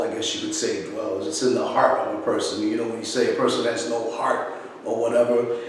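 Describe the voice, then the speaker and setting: A man giving an informal religious talk, rambling and emphatic, often stopping to fire rhetorical questions at his viewers. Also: fairly low pitch. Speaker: Christian video preacher. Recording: very echoey room, distant mic, faint background hiss.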